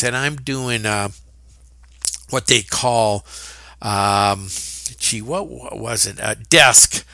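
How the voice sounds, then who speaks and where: A man's voice: mid-range voice, pushed and bright, clean tone, dry recording. A middle-aged man, a real estate agent, casually telling a story with fillers and quoted dialogue. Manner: chatty anecdotal telling with fillers and acted quotes.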